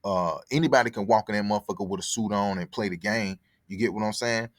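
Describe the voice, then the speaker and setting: The man, a podcast host born in Connecticut who grew up in Atlanta, talks at a quick pace in a fairly low voice. He tells his story casually and profanely, wandering and repeating himself, on a dry, studio-quality recording.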